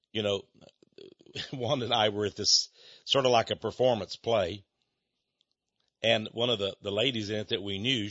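Heard through a dull, dry, lo-fi recording, an older preacher with a medium-pitched, fairly bright voice keeps things chatty and folksy. He laughs a lot and plays out small conversations, doing the voices himself.

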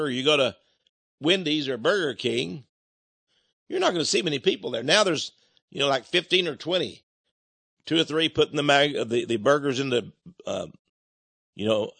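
A man's voice: fairly high pitch, fairly bright tone, no echo. A man talking to his listeners in an emphatic, rambling monologue, now and then acting out other voices. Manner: emphatic, rambling, acts out robot and caller voices.

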